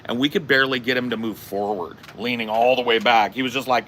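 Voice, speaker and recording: A man's voice: medium pitch, fairly even intonation, fast, a bit bright, slight background noise. A man hosting a podcast, telling a casual anecdote with plenty of swearing. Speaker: podcast host. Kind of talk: casual storytelling chat.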